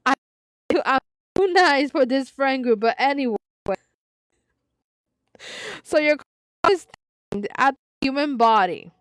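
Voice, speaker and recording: A giggly woman reads online posts aloud on her live stream and keeps breaking into laughter as she comments on them. She speaks slowly and unhurriedly, in a fairly high voice. The sound is dry and close, with no room echo. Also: lively intonation. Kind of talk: casual reading with live commentary.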